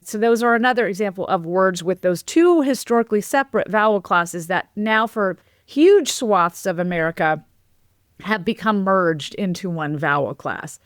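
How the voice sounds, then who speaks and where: A woman's voice: medium pitch, lively intonation, moderate pace, dry recording. Woman linguist explaining, dry close sound. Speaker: linguist guest. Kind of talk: conversational interview.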